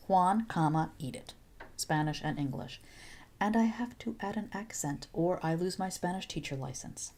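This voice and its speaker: Patient woman teaching, mellow and low. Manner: clear, patient explaining with playful asides. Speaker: Spanish teacher. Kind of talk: recorded video lesson.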